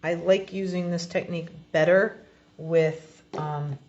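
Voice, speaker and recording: A woman demonstrating card making, explaining each step in a relaxed, chatty way as she works. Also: fairly low pitch, unhurried, dull audio. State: has the hiccups. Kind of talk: crafting tutorial.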